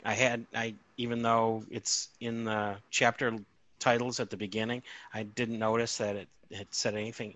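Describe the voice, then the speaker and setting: A man's voice: fairly low pitch, sharp tone. A man co-hosting a podcast, telling a story in a rambling, amused way with many restarts. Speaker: podcast co-host. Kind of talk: casual chat.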